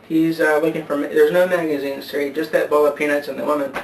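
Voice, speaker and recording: Guy rambling thru a joke at home, kinda high voice, roomy echo, faint hiss. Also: level tone, gravelly, recorded from a distance. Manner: halting, rambling, many fillers and restarts. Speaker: vlogger. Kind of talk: rambling joke telling to camera.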